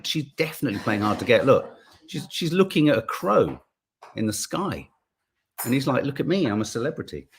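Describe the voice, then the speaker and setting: A man's voice: mid-range voice, slight background noise. A man hosting a live show, chatting casually and playfully while reading out viewer comments.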